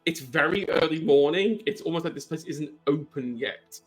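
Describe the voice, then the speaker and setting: A man narrating as game master of a tabletop horror game, slow and halting with many fillers. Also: fairly high pitch, soft background music.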